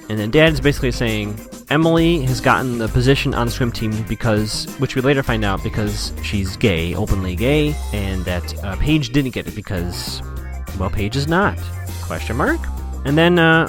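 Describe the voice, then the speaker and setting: A man's voice: medium pitch, expressive, normal speed, music in the background. A man hosting a podcast, chattily recapping a TV episode and quoting characters in playful voices. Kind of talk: casual recap chat.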